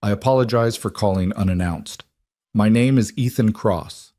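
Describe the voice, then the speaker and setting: A man as a courteous, steady young cowboy. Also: fairly low pitch, no room sound, clean studio sound, close to an everyday voice. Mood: earnest. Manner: courteous and measured. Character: polite, steady young cowboy, new in town.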